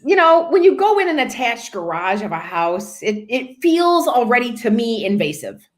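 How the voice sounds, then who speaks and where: Speaking at a moderate pace in a voice on the high side, a woman tells podcast listeners a lighthearted story from her real estate job. She performs the characters' voices with plenty of animation.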